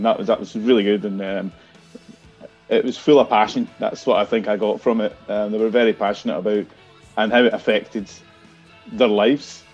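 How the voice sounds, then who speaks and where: A man's voice: lowish voice, darkish tone, breathy edge. A man appearing as a podcast guest, speaking in a reflective, appreciative way. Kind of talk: casual chat. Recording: dull lo-fi sound.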